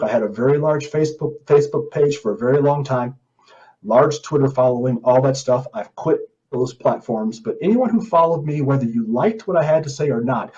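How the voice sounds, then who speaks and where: A man's voice: mid-range voice, darkish tone, muffled recording. A man hosting an opinion podcast, talking in an indignant, emphatic way and reading out comments. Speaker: podcast host.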